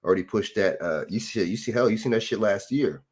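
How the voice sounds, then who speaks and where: A man's voice: lowish voice, brisk, husky. Profane rambling man on a phone. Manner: repetitive, rambling, profane, rhetorical questions. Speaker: commentator. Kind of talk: casual political rant.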